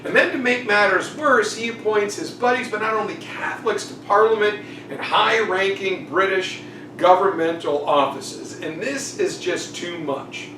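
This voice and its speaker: A man's voice: sits high, moderate pace, roomy sound, far from the mic, background noise. A man teaching a casual exam review, jokey and chatty, acting out quotes. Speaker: history teacher.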